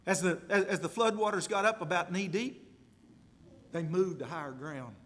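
A man's voice: sits high, normal speed. Dramatic, repetitive male preacher. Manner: dramatic, emphatic repetition, swings from loud to hushed. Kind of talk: sermon.

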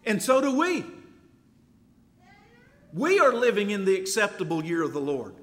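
A man preaching a sermon in an emphatic voice, building to loud exhortation. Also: high-pitched, very animated, normal speed, long reverb tail.

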